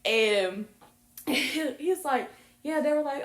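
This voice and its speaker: A young woman, co-hosting a podcast and telling stories in a casual chat, swearing freely and breaking into high laughter. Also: slow. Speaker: podcast co-host. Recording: roomy echo.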